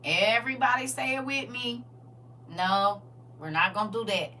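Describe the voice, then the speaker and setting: A woman's voice: a little high, animated, moderate pace, bright, forceful tone, far from the mic, slight background noise. A woman hosting a casual faith livestream, laughing and talking straight to her viewers while she reads their comments.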